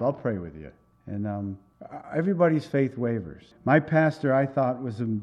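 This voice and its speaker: A man preaching a sermon as a pastor, telling a personal story in a conversational way and acting out the dialogue. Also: medium pitch. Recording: dull lo-fi recording.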